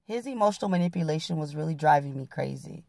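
A woman's voice: low-pitched, expressive, fast talker, vocal fry, darkish tone, dry recording, clean studio sound. A woman reading a memoir aloud in a plain-spoken, blunt way.

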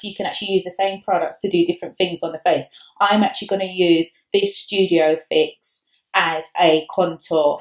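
A woman's voice: mid-range voice, darkish tone. A woman makeup artist talking through a tutorial step by step in a chatty, upbeat way.

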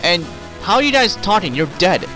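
A man's voice: sits high, big pitch swings, normal speed, over music. A man commenting on his gameplay, joking and sarcastic, talking back to the characters on screen. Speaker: let's play host.

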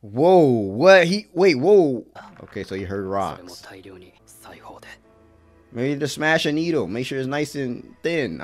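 A man giving casual reaction commentary on an anime episode, talking back to the screen with frequent exclamations and laughs. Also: medium pitch. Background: faint episode soundtrack music.

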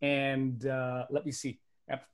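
A man, a magician and speaker in his thirties, telling comic personal stories to a virtual audience on a webcam setup, animated, and dropping to quiet for serious beats. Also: mid-range voice, slow. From Burbank, United States. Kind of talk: stand-up storytelling for a virtual audience.

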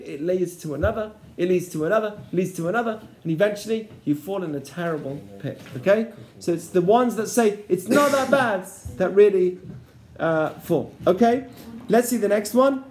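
A rabbi with a high voice leads a lesson. He keeps checking whether the class is following him, and his voice echoes around a roomy space. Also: normal speed, darkish tone, slight background noise. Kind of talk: interactive Torah lesson. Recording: echoey room.

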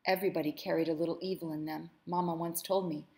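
Woman, teacher, novel read-aloud with commentary, lower voice, measured, expressive. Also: creaky.

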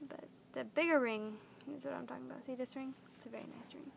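A young woman speaks straight to camera in an earnest, gushing vlog, often repeating herself as her emotions swell. Her slightly high voice keeps dropping into creaky fry. Faint room noise sits under the recording. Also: steady tone, fast talker. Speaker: vlogger.

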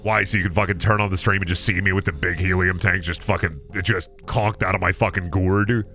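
A man's voice: deep voice, steady tone, a little fast, pushed and bright, soft background music. A man streaming a video game live, rambling and mocking his chat and opponents, with lots of swearing. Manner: rambling, self-interrupting. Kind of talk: live gaming commentary.

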